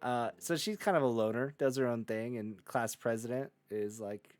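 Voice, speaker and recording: A man's voice: mid-range voice, moderate pace, few pauses, soft background music. A man co-hosting a casual manga chapter review, loose and profane, acting out characters in quoted lines. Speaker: podcast co-host.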